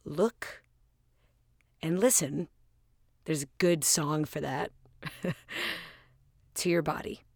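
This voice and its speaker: A woman hosts a casual storytelling monologue in a slightly low voice. She acts out both sides of a conversation and laughs at her own ideas. Her humor is self-deprecating, and she is recorded close in a dry room. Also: no room sound.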